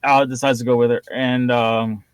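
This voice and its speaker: A man's voice: mid-range voice, flat delivery, moderate pace, clean tone, no echo. Dry-sounding man, jokey co-host. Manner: jokey, laughs often, hesitant with many fillers. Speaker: podcast co-host. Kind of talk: casual recap chat.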